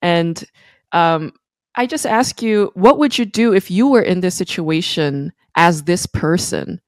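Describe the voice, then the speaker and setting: A woman's voice: lowish voice, expressive, measured pace, no room sound, studio quality. A woman hosting a podcast in casual interview chat, chatty and talking through ideas with restarts. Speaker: podcast host.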